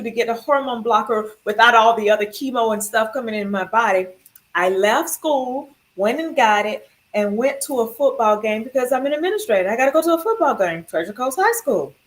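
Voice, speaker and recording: A woman in her forties, a school administrator, telling her own story in a heartfelt, animated way. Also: fairly high pitch, a little fast. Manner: animated, heartfelt, acts out quotes. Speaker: breast cancer survivor, school administrator. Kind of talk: emotional personal storytelling.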